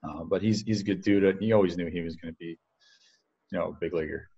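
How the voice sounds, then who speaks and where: A man in his thirties with a very low voice tells stories in a loose, rambling way, full of "uh" and restarts. The recording sounds dull and lo-fi. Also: fairly even intonation, fast talker, dark tone, slightly rough. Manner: rambling, many fillers and restarts. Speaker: baseball coach, podcast guest. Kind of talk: casual interview storytelling.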